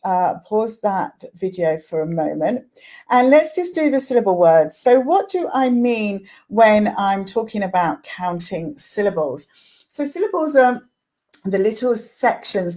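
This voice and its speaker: In a chatty online lesson, a woman tutor keeps checking in with a questioning "right?" before reading a poem aloud. Her voice is mid-range and a little mellow.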